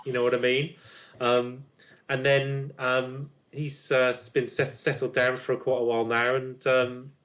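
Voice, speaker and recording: A fretful neighbour woman who rambles on, stumbling over her words and circling back on herself, as a man puts her on in a mid-pitched voice. She gossips in a hesitant, nervous way, full of ums and restarts. It is a tabletop role-play. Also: little pitch movement, a little slow, fairly bright tone, close to an everyday voice. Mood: gossipy, nervous. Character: nervous, chatty middle-aged woman neighbour.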